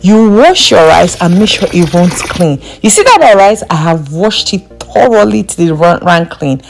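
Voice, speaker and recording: A woman's voice: lowish voice, animated, normal speed, vocal fry, a little hiss or hum. A young woman vlogger walking through a recipe in her home kitchen, emphatic and playful, repeating the key steps for emphasis. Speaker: cooking vlogger. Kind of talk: recipe walkthrough.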